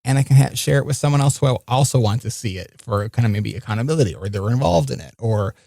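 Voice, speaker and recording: A man's voice: medium pitch, lively intonation, quick pace, creaky, warm tone, no room sound, clean studio sound. A man hosting a podcast in casual chat, rambling and often restarting his sentences. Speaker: podcast host.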